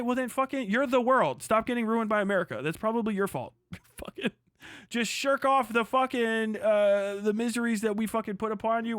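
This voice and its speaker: A man's voice: high voice, fairly bright tone, dry recording, studio quality. A young man from Kentucky, ranting crudely and mockingly on a livestream, often breaking into laughter. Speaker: streamer. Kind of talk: profane political rant on a livestream.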